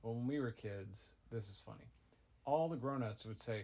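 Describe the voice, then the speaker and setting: A middle-aged man, a father improvising a goofy tall tale for his child, rambling with deadpan asides. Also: mid-range voice, normal speed. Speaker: father telling a bedtime-style story.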